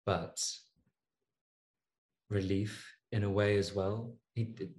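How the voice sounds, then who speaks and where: A man playing a tabletop game, thoughtfully describing his character's feelings with pauses and fillers. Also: lowish voice, level tone, darkish tone, reverberant. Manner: slow, thoughtful, hesitant with fillers. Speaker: player.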